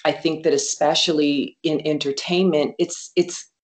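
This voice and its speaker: Woman guest, low voice, talks openly and acts out quotes in a chatty interview. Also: unhurried. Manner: candid, animated storytelling with quoted asides. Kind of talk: casual interview talk.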